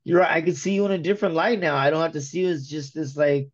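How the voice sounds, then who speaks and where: A man tells his conversion story with animated, slangy energy and keeps it in the present tense. His voice sits fairly high, and the sound is dull and lo-fi. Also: fast. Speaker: guest giving a conversion testimony. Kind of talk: emotional testimony in casual chat.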